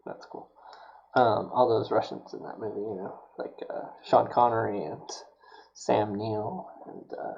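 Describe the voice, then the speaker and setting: A man's voice: on the low side, steady tone, a little slow, vocal fry. Guy rambling on his stream while he works, lots of uhs, kinda dull lo-fi audio. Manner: rambling, chatty, many fillers. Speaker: streamer building a prop. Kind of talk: casual chat while working.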